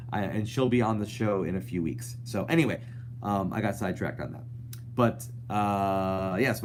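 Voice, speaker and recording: Young male host, low voice, loose rambling chat over faint hum. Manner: rambling, chatty, reads viewer comments aloud. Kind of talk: casual live-stream chat.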